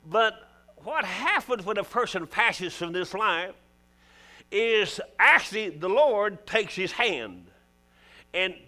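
A man's voice: sits high, bright, forceful tone. A man with a Southern US accent preaching a sermon, folksy and joking, with emphatic calls to the congregation.

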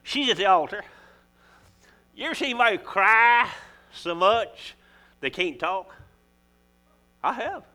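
Folksy older preacher, high and bright. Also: male voice, lively intonation, unhurried, long pauses, soft background music. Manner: folksy, preacherly, calls out to the congregation. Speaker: pastor. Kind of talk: sermon. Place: church.

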